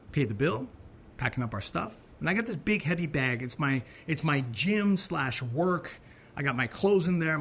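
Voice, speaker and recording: A middle-aged man tells a personal story in relaxed, lively conversation, speaking in a fairly high voice for a man. He talks expressively, stops and restarts his phrases, and stresses his points as he goes. A faint hiss of noise sits under the recording. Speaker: podcast co-host. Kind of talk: casual storytelling talk.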